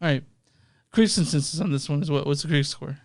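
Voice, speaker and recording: Man, movie podcast co-host, relaxed, enthusiastic, casual swearing, dry close sound. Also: a little high, quick pace, gravelly, no echo. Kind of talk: casual movie review chat.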